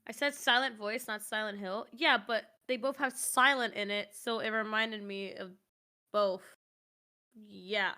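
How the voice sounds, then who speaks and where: A woman's voice: medium pitch, steady tone, a little slow, pushed and bright, clean tone. A woman chatting casually with her stream audience, rambling with lots of "like" fillers and laughing easily. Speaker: streamer co-host. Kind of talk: casual livestream chat.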